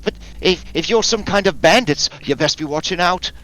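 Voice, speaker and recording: A man doing a shrill old woman ghost hunter. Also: moderate pace. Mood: alarmed, threatening. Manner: high, shrill put-on voice, excitable.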